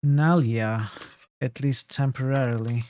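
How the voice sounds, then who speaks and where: A man's voice: medium pitch, steady tone, measured pace, darkish tone. Musing male game streamer. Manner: musing, thinking aloud. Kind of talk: casual gameplay commentary.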